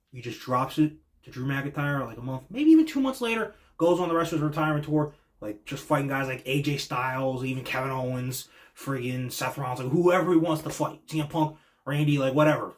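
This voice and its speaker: A man hosting a show, talking through wrestling predictions in a rambling, opinionated way with lots of fillers. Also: mid-range voice. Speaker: podcast host. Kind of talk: casual wrestling reaction monologue.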